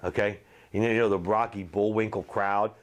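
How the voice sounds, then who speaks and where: Gruff former football player telling stories. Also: male voice, lowish voice, fairly quick. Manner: animated, salty anecdotes with many fillers. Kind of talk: casual storytelling interview. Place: outdoors at a golf tournament.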